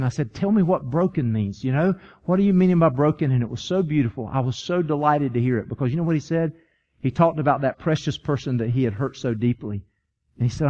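An earnest man preaches a sermon, pressing hard on his points and then easing into quiet, tender stretches. His voice sits a little high for a man. The recording is dull and lo-fi. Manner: earnest, emphatic, voicing God and David in quotes, often trailing soft. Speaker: pastor. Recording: dull lo-fi sound.

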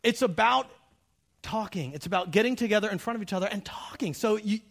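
A middle-aged man, a pastor, preaching a sermon, animated and humorous, acting out bits of dialogue and speaking straight to the congregation. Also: high voice, brisk, gravelly. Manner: animated, acts out quoted dialogue; humorous, direct address to the audience.

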